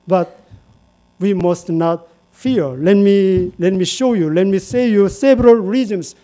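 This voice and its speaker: A man's voice: high-pitched, a little slow, mellow. A man preaching a sermon in English, repeating phrases and inviting the congregation to say lines with him. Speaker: pastor.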